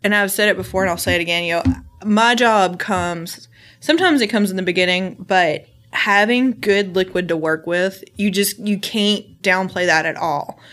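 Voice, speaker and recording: A woman's voice: mid-range voice, moderate pace, fairly bright tone. A woman with a Southern country accent, chatting casually as a guest on a podcast recorded at a distillery and laughing easily. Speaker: whiskey blender guest. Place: distillery office.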